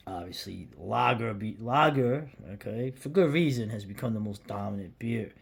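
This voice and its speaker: Husky American man, mid-pitch, casual rambling vlogger with hushed asides. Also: fairly quick, hardly any pauses. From United States. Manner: rambling, self-interrupting, drops to a hushed near-whisper when admiring the beer. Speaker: beer vlogger. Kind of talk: casual talk to camera.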